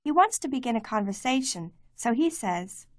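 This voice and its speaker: Give me a woman narrating a language course in a dry, close voice, measured and clear. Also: fairly high pitch, big pitch swings, dry recording. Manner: clear, measured teaching delivery. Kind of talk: scripted instructional narration.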